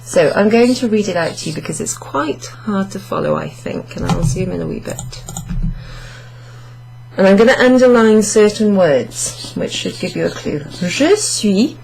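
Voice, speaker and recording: A woman's voice: mid-range voice, creaky, a little mellow, slight background noise. A woman teaching a French lesson to camera, explaining step by step and correcting herself aloud as she goes. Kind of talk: online language lesson. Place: indoors under a hot studio light. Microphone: camera facing her.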